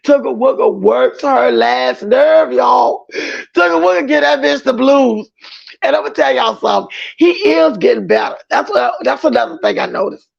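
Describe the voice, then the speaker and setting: Gravelly high-voiced man streaming gossip. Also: moderate pace. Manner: chatty, emphatic, addresses viewers as y'all. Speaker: livestream host. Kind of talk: livestream gossip commentary, reading chat aloud. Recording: dull lo-fi stream audio.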